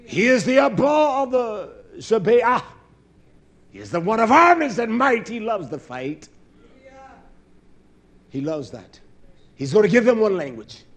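A male preacher giving a sermon, impassioned, swinging between loud declaiming and low muttering. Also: very animated, measured pace, pauses often.

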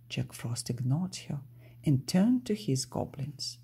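A woman narrating a children's storybook aloud in an expressive storytelling manner. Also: extremely low pitch, takes it slowly, husky.

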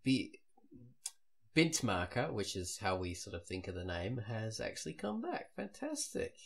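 A man's voice: fairly low pitch, huge pitch swings, a little slow, gravelly. A man hosting a podcast in casual chat, rambling and trailing off with a self-deprecating tone. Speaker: podcast host.

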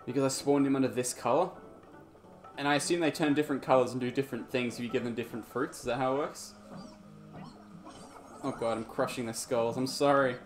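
A man's voice: medium pitch, fairly even intonation, brisk, long pauses. A man streaming a game live, chatting with viewers in a laid-back way, laughing often and humming along. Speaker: gaming streamer. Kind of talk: live gameplay commentary. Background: game music.

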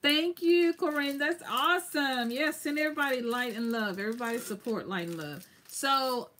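A woman's voice: sits high, moderate pace, bright, forceful tone, slight background noise. A woman chatting casually on a live stream, rambling with many fillers and greeting viewers by name.

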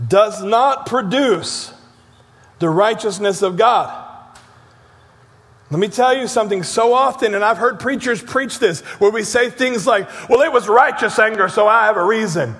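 A man preaching a sermon as pastor, telling stories with energy and dropping to soft, low tones for emphasis. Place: church sanctuary. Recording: church hall reverb.

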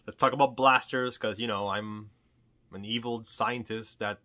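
Bright-voiced rambling toy store vlogger. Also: male voice, lowish voice, steady tone, normal speed. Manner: rambling, jokey, acts out quotes. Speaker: toy store owner and vlog host. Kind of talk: casual storytelling vlog.

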